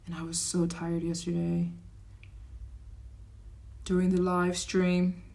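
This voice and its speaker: A young woman with a somewhat low voice, talking casually on her own livestream. She chats and reacts to comments as they come in, getting excited and animated. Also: slow pace, creaky. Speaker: livestream host.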